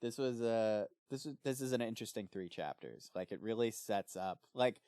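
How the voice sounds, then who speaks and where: A man's voice: lowish voice, moderate pace, smooth, no echo, studio quality. A man co-hosting a book club podcast, chatting casually and now and then acting out lines in playful voices. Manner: animated, acts out character lines in jokey voices.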